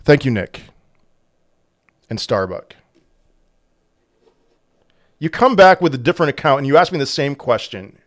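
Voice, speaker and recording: A man in a mid-range voice hosts a casual livestream and answers chat questions. He talks in halting bursts with many restarts, and his voice goes louder and sharper when he gets heated. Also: mid-range voice, sing-song, dry recording, clean studio sound. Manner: halting, full of restarts, turns loud and heated when angry. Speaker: crypto livestream host.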